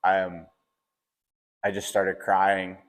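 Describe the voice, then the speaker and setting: A man's voice: low voice, completely flat delivery, slow. A young man hosting a podcast, telling a personal story in a casual way, often saying "like" and restarting his sentences. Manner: casual, fills with "like", frequent restarts. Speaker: podcast host. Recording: long reverberant echo.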